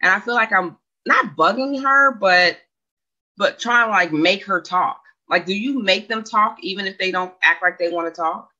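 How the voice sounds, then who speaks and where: A woman's voice: medium pitch, normal speed, bright, forceful tone. A woman in her forties hosting a casual livestream, rambling, chatty and questioning herself as she reads viewers' comments. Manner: chatty, rambling, self-questioning, laughs often. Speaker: livestream host reading chat. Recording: dull lo-fi sound.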